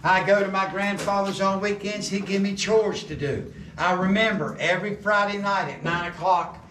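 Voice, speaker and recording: Speaking at a moderate pace in a high, somewhat bright voice, a middle-aged man leads a coal mine tour, a folksy joker and storyteller. He is in an underground tunnel; the recording is roomy and echoey, with background noise and a camera placed far off.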